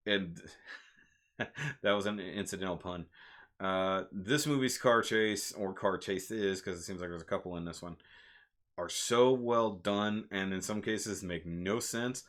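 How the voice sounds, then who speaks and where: A man with a fairly low voice chats casually on a home live stream. He rambles and gets animated, then laughs at himself. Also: measured pace. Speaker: movie reviewer, channel host.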